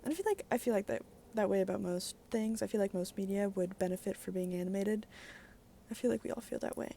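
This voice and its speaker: A woman giving a casual daily book vlog in a mellow, relaxed voice. She talks candidly, with plenty of fillers and the odd swear word. Faint background noise sits under her voice. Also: medium pitch, quick pace. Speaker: book vlogger.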